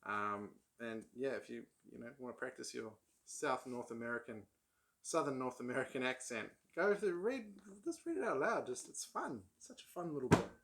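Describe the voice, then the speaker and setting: Man, casual book vlog, rambling, hesitant, lots of ums, average pitch. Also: animated, normal speed, fairly bright tone. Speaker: book vlogger. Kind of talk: casual chat.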